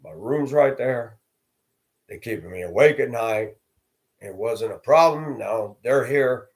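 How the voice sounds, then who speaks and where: A man's voice: medium pitch, lively intonation, takes it slowly. Man telling stories, acting out voices. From from Denver area. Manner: acts out quoted voices, rising loud for confrontations. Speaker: vlogger telling personal stories. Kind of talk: casual storytelling monologue.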